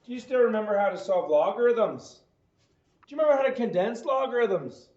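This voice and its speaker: With a sing-song lilt and a darkish tone, a high, light-voiced man teaches a math homework lesson a little fast. He keeps quizzing the listener through jokey asides, recorded in dull lo-fi with an echo.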